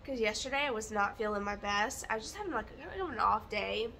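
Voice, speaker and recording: A woman vlogging her day in a rambling, chatty, candid way, relaxed, with fillers and light laughs. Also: a little high, fast, slight background noise. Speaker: lifestyle vlogger. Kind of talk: chatty day-in-the-life vlog.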